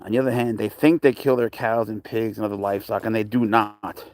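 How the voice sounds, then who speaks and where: A man's voice: lowish voice, flat delivery, brisk, a little mellow, dry recording. A man casually chatting with viewers on a live stream while walking his pet cat outdoors. He rambles, calls people bro, and his voice jumps up when he coaxes the animal.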